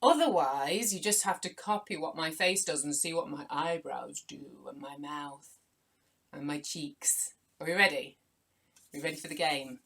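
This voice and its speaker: A woman's voice: deep voice, normal speed, vocal fry. Young lady doing a live storybook workshop for little kids, super playful, lots of gasps, says hi to everyone by name. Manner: animated and playful, greeting viewers by name, frequent gasps. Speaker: children's author running a writing workshop.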